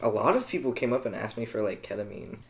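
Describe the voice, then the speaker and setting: A man's voice: on the low side, lively intonation, fast, a little hiss or hum. A young man co-hosting a podcast, making dry, wisecracking remarks in a casual chat.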